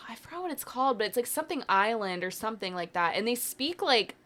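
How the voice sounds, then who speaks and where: A woman's voice: a little high, lively intonation, brisk, fairly bright tone. A young woman with a Chesapeake Bay accent co-hosting a pop culture podcast, musing and searching for words. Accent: Chesapeake Bay region. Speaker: podcast co-host. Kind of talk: casual pop culture chat.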